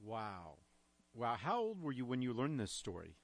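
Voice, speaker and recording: A man's voice: mid-range voice, wildly swooping pitch, moderate pace, no echo. A man interviewing a guest, reacting briefly and asking short questions.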